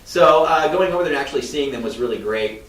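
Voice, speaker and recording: A man's voice: animated, fast talker, fairly bright tone. A man in casual podcast storytelling, a mortgage loan officer who acts out the voices he quotes. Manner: chatty, acts out quoted voices with shifting pitch. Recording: roomy, slightly distant mic.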